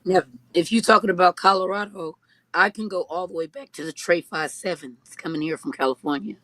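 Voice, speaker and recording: A woman guest on a livestream, adding remarks in a quiet, matter-of-fact way. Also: lowish voice, steady tone, a little fast, no room sound. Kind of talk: livestream discussion.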